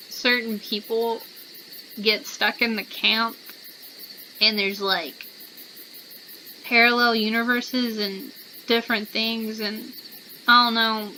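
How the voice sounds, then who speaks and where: A woman's voice: medium pitch, bright, forceful tone, slight background noise, low-quality recording. A young woman playing a story game, reading its text and chatting casually as she thinks aloud. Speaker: let's-play gamer.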